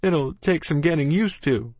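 A lanky, good-natured country boy, with a man doing his voice in a storybook reading. He speaks in a plain rural drawl, pitched higher than the reader's own voice and moving lively up and down. The recording is close and dry. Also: measured pace, dry recording. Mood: gloomy. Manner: folksy rural dialect, plainspoken. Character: lanky, friendly country boy, easily hurt.

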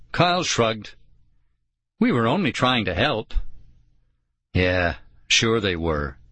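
A man narrating a children's audiobook at an unhurried pace, his low voice bright and forward, with a lively, swinging pitch. The sound is dry and close, with no room around it. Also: dry recording. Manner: expressive, with voices for each character. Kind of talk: scripted narration.

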